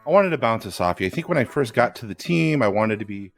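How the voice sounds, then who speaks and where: Hesitant, touchy, hulking metal mutant, played by a man. Lively pitch, faint music behind. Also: quick pace, creaky. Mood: unsure. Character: big insecure male metal-skinned mutant.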